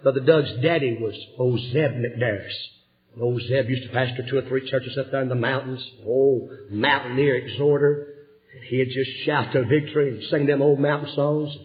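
A man preaching a revival sermon, telling stories with passion and swinging from hushed tones to shouting. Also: mid-range voice, steady tone, normal speed. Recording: dull lo-fi sermon recording.

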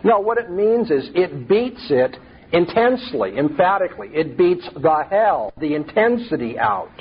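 A man's voice: a little high, sing-song, unhurried, highs cut off, a little hiss or hum. A man preaching a sermon, emphatic and full of rhetorical questions.

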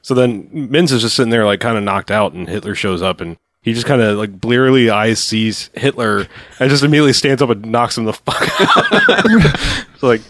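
A man's voice: on the low side, fairly quick, no echo. Guy joking around about a b-movie, lots of swearing, dry close mic. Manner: profane, laughing, joking. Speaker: podcast co-host. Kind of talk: casual movie review chat.

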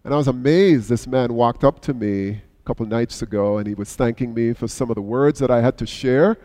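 A middle-aged male pastor preaching a sermon, telling a story with sudden swings between hushed and raised passages. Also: mid-range voice, fairly quick. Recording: long hall reverb.

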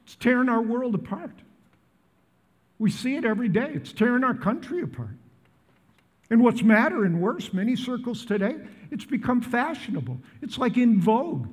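Very animated and breathy-edged, a 70-something pastor from the Midwest preaches at normal speed in an extremely high voice. He repeatedly quizzes the large congregation at his northern Colorado church. The sound carries a long reverb tail.

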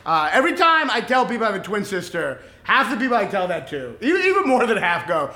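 A man in his thirties from Kentucky doing a deadpan, self-mocking stand-up set and chatting with the crowd. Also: high-pitched, fast talker, few pauses. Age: 30s. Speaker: stand-up comedian. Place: comedy club stage. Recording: echoey club, audience laughter.

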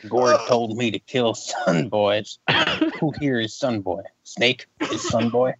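A man voicing a confused old patriarch who asks slow, puzzled questions. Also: mid-range voice, highs cut off, slight background noise.

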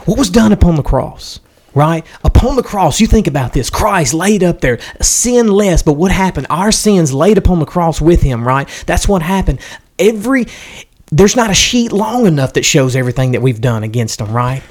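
Guy teaching bible stuff on a podcast, higher-ish voice, keeps restarting and saying right?. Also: expressive, normal speed. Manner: restarts and stumbles while explaining; leans on "right?" to check in. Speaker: podcast co-host teaching scripture. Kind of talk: Bible study discussion.

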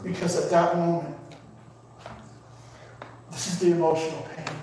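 Emotional preacher, echoey hall. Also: male voice, a little high, flat delivery, unhurried, darkish tone, far from the mic, slight background noise. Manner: emotional, preaching with rising emphatic repetition. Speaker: pastor. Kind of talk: sermon. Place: church sanctuary.

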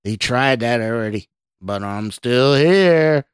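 A man voicing a menacing male stranger's voice inside a character's head, snarling and sneering in a slow drawl. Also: mid-range voice, no room sound, clean studio sound, natural voice.

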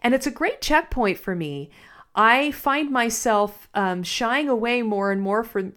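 Thoughtful woman podcast host, halting. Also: a little high. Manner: thoughtful, halting, many restarts. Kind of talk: reflective spoken commentary.

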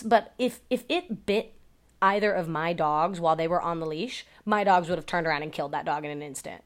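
Slightly low-voiced, swearing woman dog trainer. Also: a little fast. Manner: profane, chatty storytelling with many fillers. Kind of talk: casual podcast chat.

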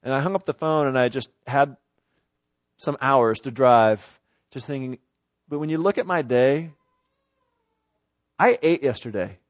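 Animated preaching man, dry sound. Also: mid-range voice, unhurried, long pauses, dry recording. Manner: animated storyteller, acts out his own exasperation. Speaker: pastor. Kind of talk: sermon storytelling.

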